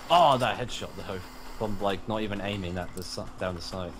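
A man's voice: fairly low pitch, a little fast, noisy background. A man with a mixed British accent chatting and giggling while playing a game with a friend. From Britain. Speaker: gamer co-host. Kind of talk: casual gaming chat.

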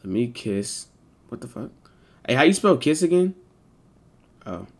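A man's voice: medium pitch, very animated, measured pace, husky. A man livestreaming, chatting casually to his viewers in rambling slang full of swearing.

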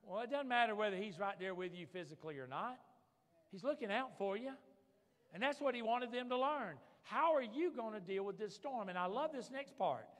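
A man's voice: sits high, lively intonation, fairly quick, a bit bright. A man preaching a sermon as pastor, fervent, calling out for amens from the congregation. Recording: long reverb of a large hall.

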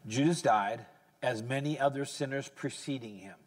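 At normal speed, a pastor in his sixties delivers a conversational sermon. He corrects himself along the way and climbs into high, excited emphasis.

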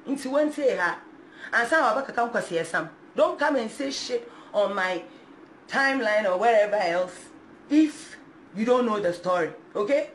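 A woman's voice: mid-range voice, slight background noise. A young Ghanaian woman in her twenties speaking out defiantly on a live video, switching between English and Twi and reading scripture aloud. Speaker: mother speaking out. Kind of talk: emotional social media live video.

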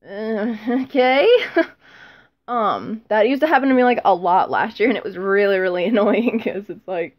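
A woman's voice: mid-range voice, normal speed, highs cut off. A teenage girl chatting casually in a vlog, rambling and self-deprecating, with frequent ums and laughs. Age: teens. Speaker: vlogger.

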